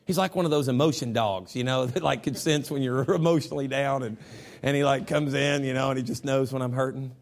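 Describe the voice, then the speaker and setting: A middle-aged man preaching a sermon as pastor, mixing folksy storytelling with impassioned passages that rise to shouts. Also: medium pitch, steady tone, brisk, creaky. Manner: impassioned, rising to shouts at peaks.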